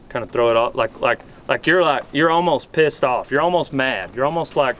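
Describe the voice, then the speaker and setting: A man with a drawl giving a mock-serious, deadpan comedic talk as a cowboy vlogger. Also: medium pitch, brisk, few pauses.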